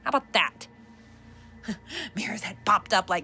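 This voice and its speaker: A woman's voice: medium pitch, lively intonation, measured pace, pushed and bright, breathy edge. A woman hosting a podcast, ranting bluntly and profanely with lots of restarts. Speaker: podcast host. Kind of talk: unscripted spiritual rant. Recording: faint background music.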